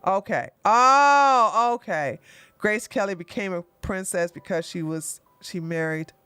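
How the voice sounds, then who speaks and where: A woman's voice: medium pitch, unhurried, pushed and bright, smooth, no room sound, faint music behind. A woman hosting a casual livestream, chatty and exclamatory, thanking viewers by name. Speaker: livestream host.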